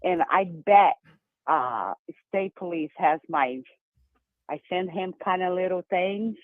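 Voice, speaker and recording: A woman from Brazil with a Brazilian accent, calling in to a show and talking fast and emphatically. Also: lowish voice, dry recording. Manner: fast, excited, emphatic talker. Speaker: caller. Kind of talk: call-in phone chat. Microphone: telephone. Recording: tinny dry phone line.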